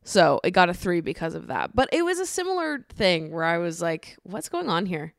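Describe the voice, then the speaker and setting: A woman's voice: fairly low pitch, very animated, brisk, vocal fry, smooth, no room sound, clean studio sound. A woman hosting a podcast, rambling in a casual, chatty way, swearing freely and laughing often. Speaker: podcast host.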